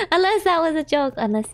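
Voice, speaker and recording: A giggly young American woman with a high voice, chatting away on her live stream. She talks casually and laughs often between remarks.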